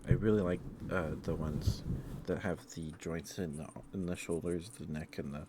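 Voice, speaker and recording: Speaking in a very low, soft-spoken ASMR manner, this male streamer rambles along with frequent pauses padded by hesitant fillers. Under it all, the audio has a constant hiss.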